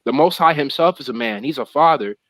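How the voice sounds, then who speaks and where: A man's voice: mid-range voice, expressive, fairly quick, fairly bright tone, no room sound, rough recording. A young man in casual religious discussion who reads long scripture passages aloud in slangy everyday talk. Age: young adult. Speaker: co-host of religious talk show.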